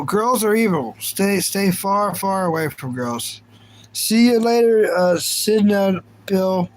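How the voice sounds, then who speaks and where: A man's voice: high-pitched, a little hiss or hum, poor audio. A young man hosting a livestream, chatting casually and playfully about anime and reacting to his viewers. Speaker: livestream host.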